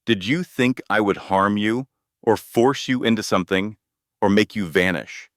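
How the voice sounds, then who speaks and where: Brief: menacing crime boss, slow and demanding, read by a man with a very low, dry voice. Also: dry recording, lightly acted. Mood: cold, demanding. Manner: cold, deliberate, demanding. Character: menacing wealthy male crime boss, hurt and furious.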